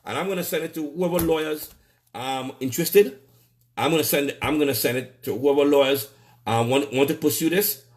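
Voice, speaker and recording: A man's voice: a little high, fairly quick. A man with a Trinidadian accent ranting on a live stream, heated and repetitive, stumbling over restarts and cursing. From Trinidad and Tobago. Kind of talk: angry live-stream rant.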